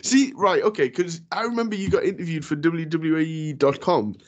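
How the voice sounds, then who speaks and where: A man's voice: a little high, normal speed. A man hosting a casual interview, asking friendly questions and prompting stories.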